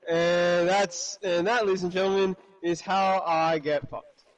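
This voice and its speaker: Guy gaming and chatting, kinda high voice, swears loud and jokes around. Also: fairly even intonation, measured pace, rough recording. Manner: loud cursing outbursts, joking. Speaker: gamer on stream. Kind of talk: casual gaming chat.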